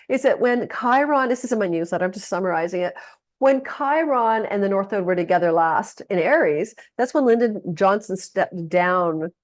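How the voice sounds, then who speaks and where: A woman's voice: mid-range voice, no room sound. A woman astrologer talking through the week ahead in a casual, digressive monologue, with plenty of fillers and asides.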